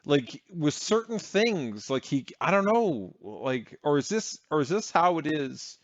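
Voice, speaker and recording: A man's voice: on the high side, very animated, unhurried, no room sound. A man hosting a casual reaction video, talking in blunt, exasperated asides recorded on a dull, lo-fi home mic.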